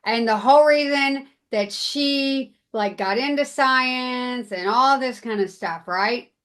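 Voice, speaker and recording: Upbeat woman host telling a funny story, kinda high voice, gets super excited. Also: slow. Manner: excitable, animated storytelling with big quoted outbursts. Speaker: podcast host. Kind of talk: casual chat.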